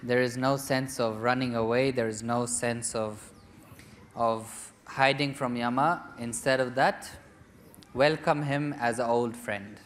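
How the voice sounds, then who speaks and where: Gentle old guru, advising, calm, a man putting him on. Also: medium pitch, a little slow, a little hiss or hum, natural voice. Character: calm old male guru giving advice.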